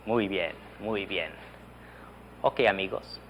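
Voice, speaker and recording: A man's voice: deep voice, measured pace, fairly bright tone, a little hiss or hum. A man teaching a beginner Spanish lesson, drilling phrases and urging learners to repeat. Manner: enthusiastic, drills phrases with repeat-after-me prompts. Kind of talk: animated language lesson.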